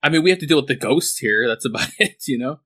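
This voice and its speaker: A man's voice: mid-range voice, expressive, quick pace, pushed and bright, breathy edge. A man hosting a podcast in casual, rambling chat, laughing often. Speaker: podcast host.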